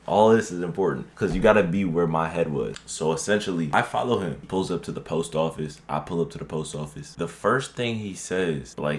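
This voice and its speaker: A man vlogger telling a story in an animated, slangy and profane way. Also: a bass voice. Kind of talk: story-time vlog.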